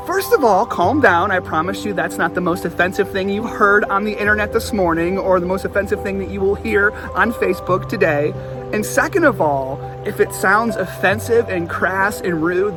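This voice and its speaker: A male pastor delivers an online sermon, retelling a story with animated energy and playful jokes. His voice sits high for a man. Music plays quietly behind him.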